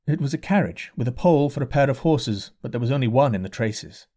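A man reading a novel aloud as an audiobook narrator in a measured, deliberate way. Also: medium pitch, expressive, dark tone. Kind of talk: scripted narration.

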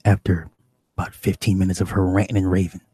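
Guy telling a crazy story, husky dark voice, dry close sound. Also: deep voice, fast, dry recording. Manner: animated, profane, acts out the people he describes. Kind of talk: casual comic storytelling.

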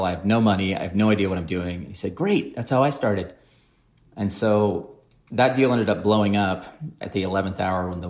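A man in his forties, a podcast guest, telling self-deprecating stories about his career in a casual, wry way. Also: deep voice. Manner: wry, self-deprecating anecdotes with acted-out quotes. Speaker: podcast guest, private equity investor. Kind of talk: casual storytelling.

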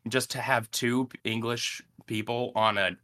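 Bright-voiced joking male podcast host. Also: medium pitch, level tone, moderate pace. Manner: joking, upbeat, teasing. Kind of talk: casual sports podcast chat.

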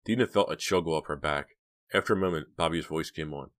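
A man narrating an audiobook in an even, measured storytelling manner. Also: rumbling low. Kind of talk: scripted narration.

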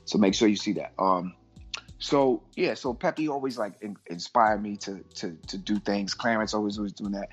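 A middle-aged man from Brooklyn, a guest on a casual podcast, telling lively stories and acting out the voices in them. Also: fairly low pitch, normal speed, slightly rough. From Brooklyn, New York. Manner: animated storyteller, acts out voices in anecdotes. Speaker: guest artist. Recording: muffled lo-fi audio with faint music.

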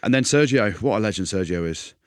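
A man co-hosting a podcast, telling animated stories in casual banter and acting out other people's voices. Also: fairly low pitch, quick pace, clear, resonant tone, dry recording, studio quality. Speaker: podcast co-host.

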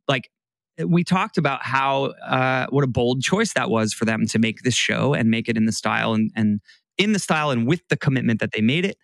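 A man's voice: mid-range voice, lively intonation, moderate pace, gravelly, fairly bright tone, dry recording, studio quality. Rambling podcast co-host man. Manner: rambling, restarts a lot. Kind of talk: casual chat.

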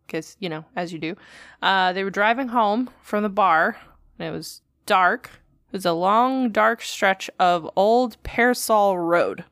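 A woman's voice: medium pitch, a bit bright, no room sound, clean studio sound. A woman co-hosting a podcast, telling a story in casual, profane chat and acting out the quotes. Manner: profane, chatty, acts out quotes. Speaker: podcast co-host.

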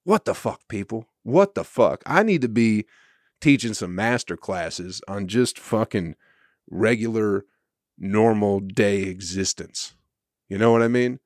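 A man's voice: lowish voice, a little slow, no echo, studio quality. A man hosting his own comedy podcast, ranting casually and profanely into a podcast microphone and breaking into chuckles.

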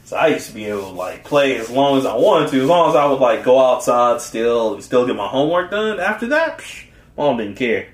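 A man co-hosting a casual podcast chat, animated and laughing often, acting out quotes in funny voices. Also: medium pitch, a little fast, reverberant. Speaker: podcast co-host.

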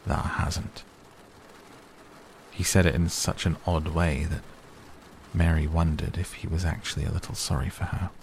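A man softly reading a bedtime audiobook in a calm, even way. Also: extremely low pitch, moderate pace, a little hiss or hum. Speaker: audiobook narrator. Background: rain sounds.

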